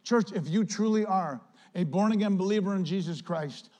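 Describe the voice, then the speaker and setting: A man preaching a sermon as pastor, chatty and animated, telling a story with lots of "like" and acted-out quotes. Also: high-pitched, moderate pace.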